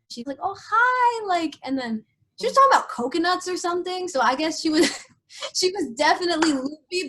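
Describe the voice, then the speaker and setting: A young woman on a podcast, telling a painful personal story in an emotional, halting way with many fillers. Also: sits high. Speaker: podcast host.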